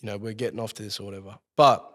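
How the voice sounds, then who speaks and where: A man's voice: on the low side, fairly even intonation, racing. An Australian man telling a long story as a podcast guest, swearing constantly and rambling as he goes. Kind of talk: casual storytelling. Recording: long hall reverb.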